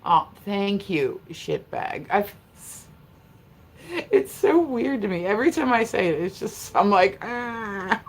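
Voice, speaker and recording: A woman's voice: medium pitch, animated, a little slow, creaky, long pauses, slight background noise. A woman hosting a casual livestream, chatting with viewers in a rambling way, laughing often and swearing freely. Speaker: livestream host.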